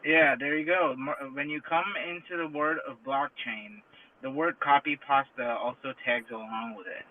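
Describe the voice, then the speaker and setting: A man in a casual debate in an online audio room, halting and lecturing, full of restarts. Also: medium pitch, fairly even intonation. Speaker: crypto commentator in audio chat room. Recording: tinny phone line with faint noise.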